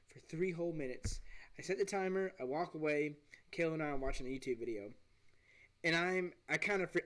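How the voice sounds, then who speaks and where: Male podcast host, somewhat high voice, casual rambling storyteller who restarts often. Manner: animated, rambling, with frequent restarts.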